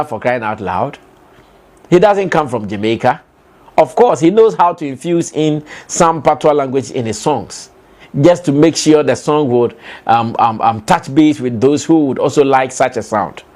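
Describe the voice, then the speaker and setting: A man's voice: on the high side, a little mellow. A young Ghanaian man with a Ghanaian accent giving emphatic entertainment commentary, full of rhetorical questions and fillers. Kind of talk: animated opinion commentary.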